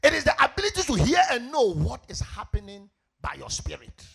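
A Ghanaian man preaching a sermon as pastor, asking the congregation questions and rising into shouted, sing-song swells. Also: very high-pitched, huge pitch swings, brisk, gravelly, breathy edge.

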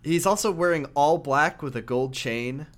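A man in casual chat recapping a video game, lively and acting out character lines as he goes. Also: on the high side, moderate pace. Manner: animated, acts out character lines.

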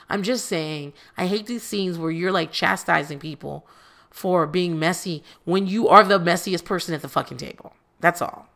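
Woman, lowish voice, casual sarcastic recap host, heavy swearing, exasperated. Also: lively intonation, fairly quick, fairly bright tone. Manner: sarcastic, profane, exasperated asides. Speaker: reality TV recapper.

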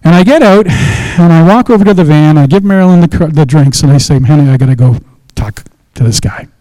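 A man's voice: fairly high pitch, brisk, warm tone, low-quality recording. A middle-aged man preaching a sermon, telling a personal story in a conversational way and then praying aloud. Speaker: pastor.

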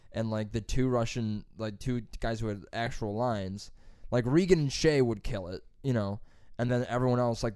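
Animated, foul-mouthed young man. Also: fairly low pitch, no room sound, studio quality. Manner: swearing, animated storyteller. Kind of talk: casual chat.

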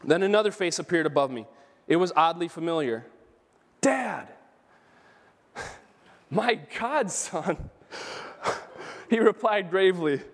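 A man preaching a sermon as pastor, telling a story with animated, emphatic rises. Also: sits high, normal speed. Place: church sanctuary. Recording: church hall with long reverb.

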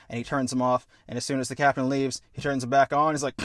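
A man hosting a podcast, animatedly pitching a film story and acting out scenes. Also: no room sound, clean studio sound. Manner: animated, acts out scenes in quick voices. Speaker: podcast host. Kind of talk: casual pitch of a story idea.

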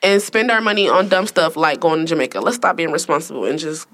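A woman's voice: low voice, quick pace, fairly bright tone. A young woman hosting a casual family podcast, teasing and laughing often as she banters. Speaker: podcast host.

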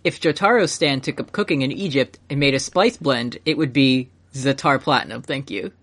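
A man's voice: medium pitch, a bit bright. A man co-hosting a podcast, chatting casually and reading listener questions aloud. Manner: fast, joking, reads listener questions aloud. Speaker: podcast co-host. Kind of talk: casual chat.

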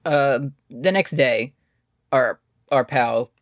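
A man's voice: medium pitch, takes it slowly, dry recording. Guy doing a goofy show recap, acting out every line in voices, super dry close mic sound. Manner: animated, acts out quotes in silly voices. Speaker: co-host. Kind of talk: casual comedic recap chat.

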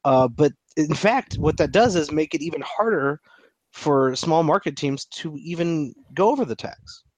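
A man's voice: on the high side, normal speed, no echo. A man co-hosting a casual sports podcast, ranting with jokes and frequent restarts. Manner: animated, joking rants, frequent restarts. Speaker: podcast co-host.

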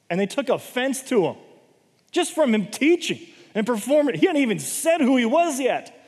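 High-voiced man teaching scripture, reverberant hall. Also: big pitch swings, moderate pace, darkish tone. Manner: explains scripture plainly, often checking in with "okay?". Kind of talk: conversational Bible teaching.

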